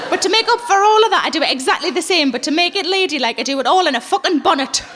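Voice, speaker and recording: A woman's voice: extremely high pitch, very fast, in a large hall, very noisy. A middle-aged woman performing a stand-up comedy set, telling stories bluntly and swearing freely. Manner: blunt, swearing, animated storytelling. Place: theater stage with live audience.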